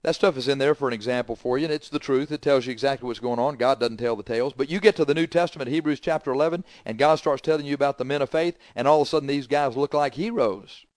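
A man's voice: mid-range voice, quick pace, few pauses, darkish tone, no echo. A man preaching a sermon, hammering the congregation with confrontational rhetorical questions.

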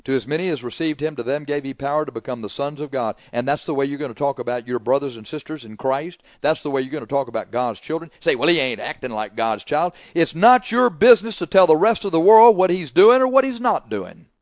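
A man preaching a sermon, scolding forcefully and swinging between loud emphasis and quiet asides. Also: a little high, animated, quick pace, few pauses, no room sound.

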